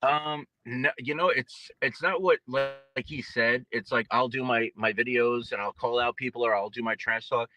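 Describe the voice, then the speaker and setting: A young man being interviewed as a boxer, trash-talking with boastful, mocking swings in pitch. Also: steady tone, normal speed, hardly any pauses. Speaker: guest boxer. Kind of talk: casual trash talk interview.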